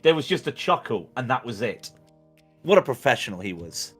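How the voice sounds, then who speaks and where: A man's voice: medium pitch, sing-song, brisk, fairly bright tone, slightly rough. Guy commentating a sim race, chatty, lots of stumbles and restarts, mid voice, faint music behind. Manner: rambling, stammering restarts, jokey. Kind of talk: casual commentary chat.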